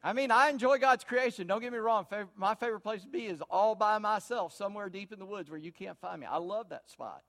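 A high-voiced man preaching from the pulpit. He tells homespun stories in a folksy way and swings between hushed asides and loud, emphatic points. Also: a little fast, few pauses. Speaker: pastor. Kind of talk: sermon.

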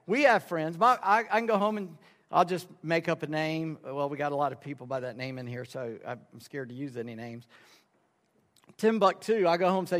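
A pastor with a fairly high, fairly bright voice preaches a sermon at normal speed, telling folksy stories. He acts out the people in them, quoting their dialogue in different voices, with the reverberant sound of a sanctuary around him.

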